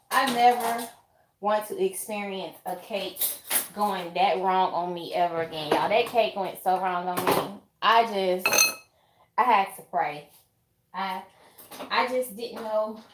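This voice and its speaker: A woman with a Southern US accent chatting to camera in her home kitchen, animated and drawn out, calling listeners "honey" and "y'all". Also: medium pitch. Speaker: home baker vlogger. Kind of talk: casual chat to camera. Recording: noisy kitchen with clattering dishes. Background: clinking dishes and utensils.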